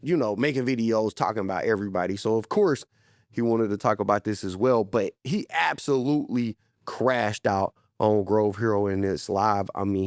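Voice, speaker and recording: A man's voice: fairly low pitch, no echo, studio quality. A man hosting a casual commentary show, narrating in a laid-back, chatty way. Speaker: commentary host.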